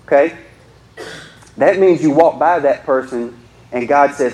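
A man's voice: medium pitch, normal speed, long pauses, darkish tone, roomy sound, low-quality recording. A young man preaching a sermon in a joking, conversational way, often asking the crowd questions.

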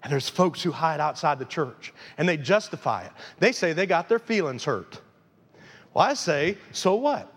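High-voiced pastor preaching in a hall. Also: male voice. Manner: emphatic, conversational preaching. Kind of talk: sermon. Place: church sanctuary. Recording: long reverb of a large church hall.

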